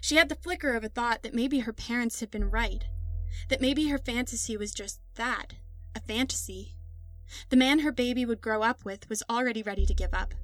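Woman narrating a dark story. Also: a little high. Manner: measured, dramatic storytelling. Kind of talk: scripted narration.

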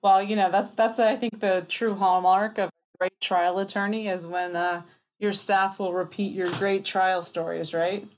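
A woman's voice: mid-range voice, level tone, unhurried, slight background noise, poor audio. A woman hosting a casual chat, playful and teasing with her guest. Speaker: podcast host.

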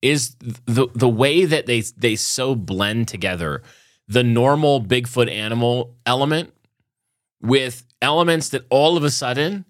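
A man's voice: medium pitch, a little slow, dry recording, studio quality. A man co-hosting a podcast, talking casually and enthusiastically, rambling a bit and joking. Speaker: podcast co-host. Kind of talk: casual chat.

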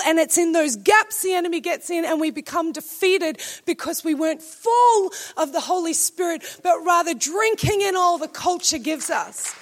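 A woman with a high, bright-pitched voice preaches a sermon to her congregation. She speaks with emphatic conviction and pushes certain phrases up into loud, ringing declarations. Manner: emphatic, rising to shouted declarations.

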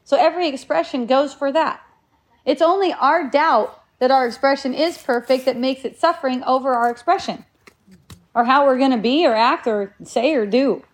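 Woman with a slightly high voice musing. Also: normal speed. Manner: rambling and reflective, with many restarts. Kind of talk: casual spiritual talk.

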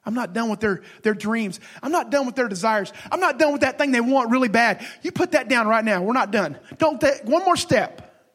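A male preacher voicing a gentle, compassionate savior who gives soft but urgent commands. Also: very high voice, expressive, normal speed, heavily acted.

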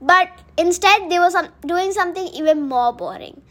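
A woman's voice: very high voice, lively intonation, moderate pace, a bit bright. A woman hosting a podcast, retelling a book in a chatty way with fillers and asides. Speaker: podcast host.

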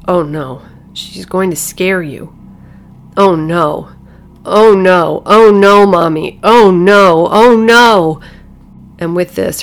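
A woman reading a scripted horror story aloud in a measured, quietly tense storytelling manner. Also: low-pitched, vocal fry, slight background noise. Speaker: narrator.

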